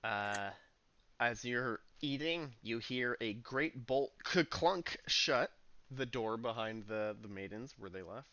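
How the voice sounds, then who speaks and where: A man's voice: medium pitch, animated, takes it slowly, pushed and bright, muffled recording. A man running a tabletop game as game master, narrating scenes casually with frequent hesitations. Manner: casual, hesitant with many "uh"s, laughs easily.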